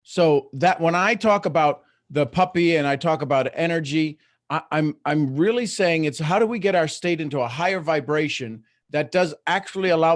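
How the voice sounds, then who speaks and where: A man's voice: a little high, no room sound, studio quality. A middle-aged man hosting a live online coaching talk, speaking earnestly with many restarts as he explains his points. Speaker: host.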